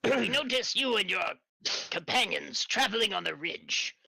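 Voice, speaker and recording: A man's voice: high voice, lively intonation, creaky, sharp tone, husky, no room sound, pitched above the performer's own voice, heavily acted, poor audio. A man with a sore throat voicing a formal male newt patrol leader who speaks in a raised, stilted way. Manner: formal, halting stilted speech. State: getting over a cold, sore throat.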